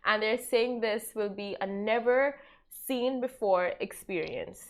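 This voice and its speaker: A woman co-host with a slightly high voice reads out news items in an upbeat way. Her delivery is brisk and friendly. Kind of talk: lively news show banter.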